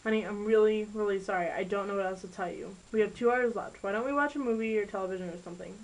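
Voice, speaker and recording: An earnest teenage boyfriend who keeps apologizing, as a woman reads him aloud in an amateur storybook recording. The voice sits at an ordinary pitch. He sounds sweet and devoted. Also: fast talker, close to an everyday voice, poor audio. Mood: apologetic.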